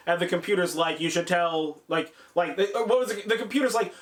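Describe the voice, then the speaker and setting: A man's voice: high-pitched, expressive, fairly quick, few pauses. A man co-hosting a review show, recapping an episode in loose, profane casual chat and briefly mimicking characters. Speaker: podcast co-host.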